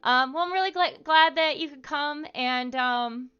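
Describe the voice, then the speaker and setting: Woman, live-stream chat, higher voice, clear, many ums and you-knows, muffled audio. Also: unhurried, pushed and bright. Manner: chatty, frequent fillers. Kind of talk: casual live-stream talk.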